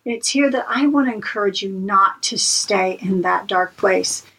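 A woman's voice: medium pitch, moderate pace, vocal fry, a bit bright, breathy edge, recorded from a distance, low-quality recording. A woman co-hosts a devotional podcast and talks in an earnest, preacherly way, leaning on repeated phrases for emphasis. Her voice sits a little back from the mic. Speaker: podcast co-host. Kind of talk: encouraging devotional talk.

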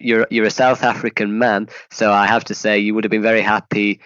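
A man's voice: fairly low pitch, little pitch movement, a little fast, fairly bright tone, smooth, no echo, dull audio. A man hosting a podcast in casual chat, rambling with frequent restarts. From England. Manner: chatty, rambling with many restarts. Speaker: podcast host.

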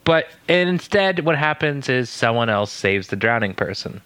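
A man's voice: mid-range voice, clear, resonant tone, no echo. Guy cohosting a podcast, casual chat, gets incredulous, dry close sound. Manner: animated, incredulous, quick asides. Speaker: podcast co-host recapping a TV episode.

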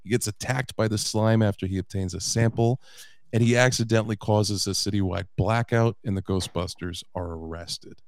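Thirty-something man, low voice, casual chat. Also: fairly even intonation, normal speed, dry recording, studio quality. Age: 30s. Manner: summarizes plot, casual swearing. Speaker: podcast host. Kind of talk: casual movie discussion.

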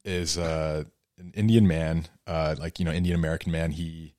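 A man with a low voice talks as a podcast guest. He explains things earnestly in a loose, conversational way, full of fillers. The recording is dry and close. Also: flat delivery, moderate pace, dark tone, no echo. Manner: earnest storytelling, heavy use of fillers. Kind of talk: casual conversation.

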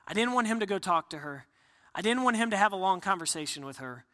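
A man's voice: high-pitched, expressive, fast talker, bright, forceful tone, big-room sound. A man putting on a smug scheming devil. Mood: gloating. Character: scheming devil gloating over a quarrel.

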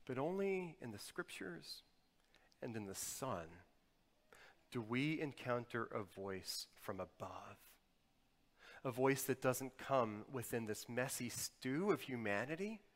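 A man preaching a sermon as a pastor, moving between loud, emphatic stretches and quiet, intimate ones. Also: mid-range voice, animated, a little slow. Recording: long hall reverb.

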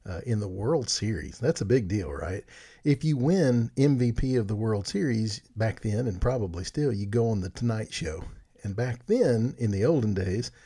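A man's voice: lowish voice, warm tone, slightly rough. A middle-aged man casually telling a rambling, folksy story to his viewers, with restarts and asides. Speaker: vlogger.

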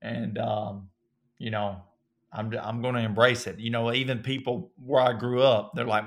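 A man in his thirties from North Alabama with a strong Southern accent, a guest telling relaxed, folksy stories in an interview. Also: medium pitch, a little slow. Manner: relaxed, folksy storytelling with many fillers. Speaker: actor guest. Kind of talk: casual interview.

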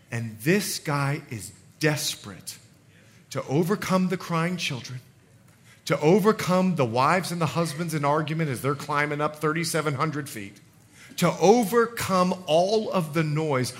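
Animated high-voiced male pastor preaching. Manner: animated, playful, acts out quotes. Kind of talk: sermon. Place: church service.

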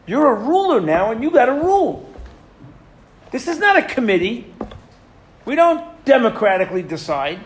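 In a high voice, a middle-aged man runs a classroom Torah lesson, asking his students questions and reading Hebrew verses out loud.

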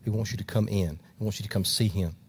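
A man voicing a servant who quietly brings urgent news. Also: fairly low pitch, fast, breathy edge, voice pushed down. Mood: confiding.

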